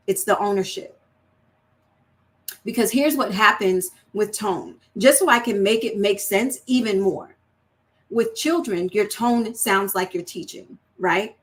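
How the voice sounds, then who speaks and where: A woman's voice: mid-range voice, unhurried. A woman hosting a candid, faith-based talk on marriage, speaking earnestly and conversationally and acting out example phrasings in shifting tones. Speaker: host of a faith-based women's channel.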